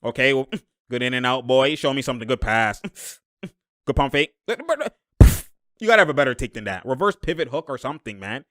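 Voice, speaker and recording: A young man giving loud, slangy live reaction commentary on a basketball game, laughing often and breaking into sudden outbursts. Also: medium pitch, animated, normal speed, no echo, studio quality.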